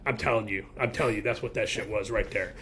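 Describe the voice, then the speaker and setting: A man's voice: fairly low pitch, fast, a bit bright, slight background noise. A man co-hosting a podcast, talking bluntly in a rambling way with lots of filler words. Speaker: podcast co-host. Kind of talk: casual opinionated chat.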